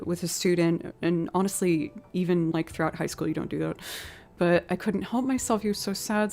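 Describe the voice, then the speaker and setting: Chatty woman streamer, low voice. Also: darkish tone. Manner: chatty storytelling, reads out donations. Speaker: streamer and musician. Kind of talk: casual live-stream chat.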